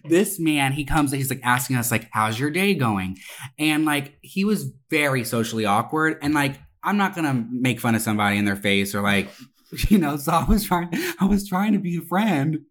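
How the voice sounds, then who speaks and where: A young adult podcast co-host telling a story in a casual, profane, animated way, swearing oaths for emphasis. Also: medium pitch, normal speed.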